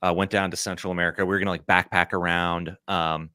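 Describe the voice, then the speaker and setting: A man's voice: low voice, level tone, fast, bright, forceful tone, clean tone, no room sound, studio quality. A man in his thirties, a podcast guest, telling a story in a casual, rambling way full of "like" and "you know".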